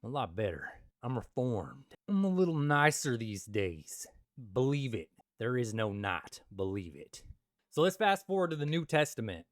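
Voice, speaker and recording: A young man hosting a comedic Bible commentary, joking with loud asides and quiet mutters. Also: mid-range voice, sing-song, moderate pace, no echo, clean studio sound. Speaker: Christian video host.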